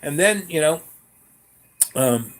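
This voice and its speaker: A man's voice: a little high, lively intonation, slow pace. An older man telling a long personal story in a meandering way, full of fillers and asides. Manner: meandering, full of "you know" and "um". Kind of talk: rambling personal anecdote.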